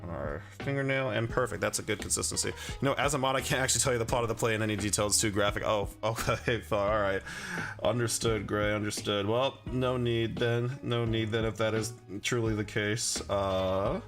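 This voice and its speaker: A man's voice: fairly low pitch, steady tone, brisk, a bit bright, faint music behind. A man livestreaming while he paints miniatures, rambling casually with lots of fillers and chuckling as he answers his chat. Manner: rambling and chatty, full of fillers and chuckles, reads chat aloud.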